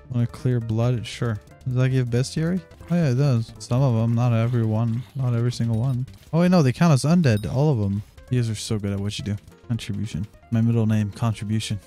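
Young male streamer, mid-pitched, crude and profane banter with chat, jumps into excited yelps over loot, casual gameplay commentary. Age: 20s. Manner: crude, joking and profane, with sudden excited outbursts. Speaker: livestreamer.

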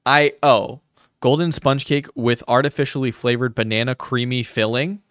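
A man's voice: medium pitch, fairly even intonation, normal speed, fairly bright tone, dry recording, clean studio sound. Mocking, profane man ranting sarcastically. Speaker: commentary YouTuber reacting to a video. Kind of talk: sarcastic reaction commentary.

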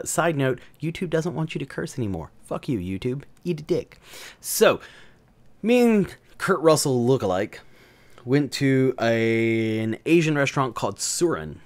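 Casual male channel host from the South, crude, joking, mid-pitched voice. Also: big pitch swings, normal speed. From American South. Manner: crude, joking, rambling with fillers. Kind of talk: casual storytelling.

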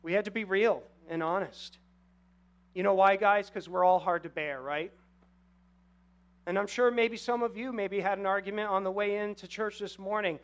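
A man with a high-pitched voice preaches a sermon in a church sanctuary. He speaks earnestly and conversationally, turning to the congregation with rhetorical questions. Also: normal speed, pauses often, smooth. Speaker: guest pastor.

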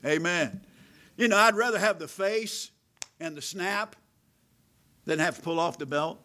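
A middle-aged man preaching a sermon, calling for amens and moving between loud emphatic delivery and a hushed near-whisper. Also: high voice, measured pace, pauses often, low-quality recording. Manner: calls out "amen" to the congregation. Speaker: pastor.

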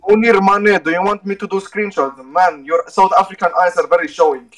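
A man's voice: high-pitched, steady tone, brisk, fairly bright tone. A man in an online debate, sarcastic and teasing, who keeps interrupting and repeating his phrases. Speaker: debate opponent. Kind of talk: trolling online voice-chat debate.

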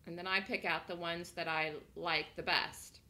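A woman's voice: on the low side, little pitch movement, moderate pace, sharp tone. A woman hosting a live day trading room, chatting casually, laughing often and thinking aloud as she calls trades.

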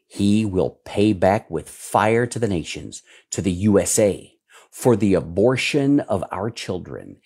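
A male pastor preaching fervently and answering viewer questions, swinging between low mutters and loud outbursts. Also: breathy edge.

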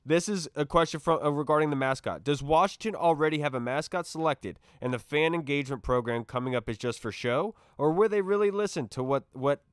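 A man hosting a casual sports podcast, talking in an excitable, rambling way as he tells stories and reads out fan questions. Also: on the high side, fairly quick, hardly any pauses, clean tone, no room sound, clean studio sound.

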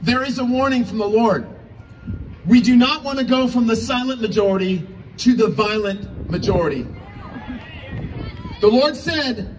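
High-voiced fervent preacher man. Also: lively intonation, measured pace, pauses often. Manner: fervent, preachy, rising into shouts. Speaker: preacher speaking at a rally. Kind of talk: impassioned sermon and prayer. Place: political rally. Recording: distant mic, faint ambient noise.

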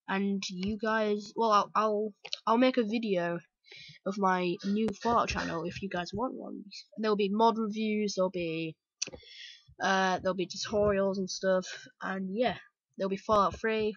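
Bright-voiced British woman gaming. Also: mid-range voice, no echo, lo-fi sound. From Britain. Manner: chatty, excitable, rambling asides. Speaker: let's play host. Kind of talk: casual gameplay commentary.

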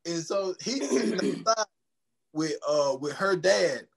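A man's voice: sits high, expressive, unhurried, gravelly, slightly rough. A man hosting a podcast, recapping a film in casual, profane chat, retelling scenes with quoted dialogue.

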